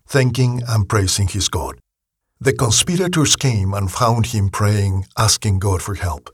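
A man reading a Bible story aloud in a slow, measured storytelling manner. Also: lowish voice, husky, no room sound, clean studio sound. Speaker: narrator. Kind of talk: scripted Bible story narration.

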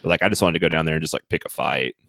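A man's voice: a bass voice, rapid-fire, creaky, fairly bright tone, no room sound. A young American man co-hosting a podcast, chatting casually and animatedly, swearing and laughing often. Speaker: podcast co-host.

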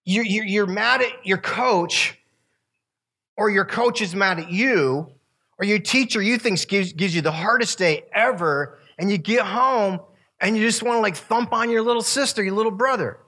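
A man's voice: high voice, normal speed, bright, forceful tone. A man in his fifties giving a sermon-style talk to young people, telling stories and laughing at his own asides. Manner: storytelling with laughs and asides to the room.

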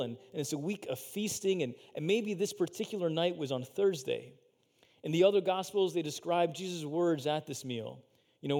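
A man's voice: fairly high pitch, darkish tone. Casual preaching man, in a reverberant hall. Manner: casual, filler-heavy preaching with acted-out quotes. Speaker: pastor. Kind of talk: sermon.

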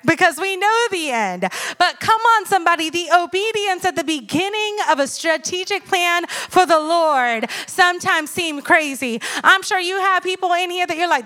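A woman in her thirties preaching with a very high, bright voice. She talks in a chatty, animated way and keeps checking in with the congregation as she goes. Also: normal speed. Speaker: church speaker. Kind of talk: sermon.

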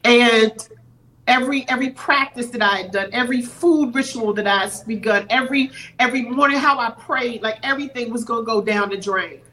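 Podcast guest, woman, middle-aged, slightly high voice, earnest and teary storytelling. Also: a little fast, sharp tone, poor audio. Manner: earnest, acts out quoted voices. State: teary-eyed. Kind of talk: emotional storytelling.

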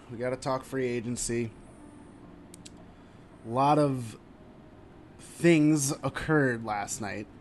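Excitable ranting man, casual sports chat. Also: mid-range voice, a little hiss or hum. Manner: animated, ranting, excitable with sudden loud jumps. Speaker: podcast co-host.

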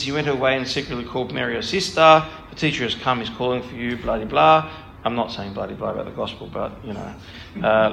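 A man's voice: mid-range voice, creaky, a bit bright. Casual man leading a scripture talk, echoey room. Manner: digressive, thinks aloud, reads passages then explains them informally. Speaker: Bible study speaker. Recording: echoey room with faint background noise.

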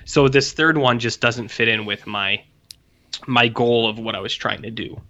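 A man's voice: mid-range voice, steady tone, moderate pace, bright, forceful tone. A man co-hosting a podcast in casual chat, rambling, joking and swearing freely. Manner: rambling, jokey and profane. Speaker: podcast co-host. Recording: dull lo-fi sound.

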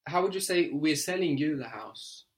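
A man's voice: on the high side, expressive, normal speed. A man teaching a language lesson, patiently prompting and correcting a learner.

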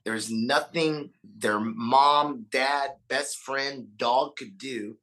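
Punk singer guest, man, bright forceful tone, earnest and halting, swears a lot. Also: medium pitch, poor audio. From Austin, Texas. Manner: earnest, stammers and repeats words, swears freely. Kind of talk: casual podcast conversation.

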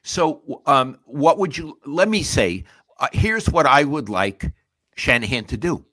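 An older man co-hosting a sports podcast, talking casually in a measured way, asking questions and summing up points. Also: mid-range voice, big pitch swings, sharp tone, no room sound. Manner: measured, asks questions and sums up.

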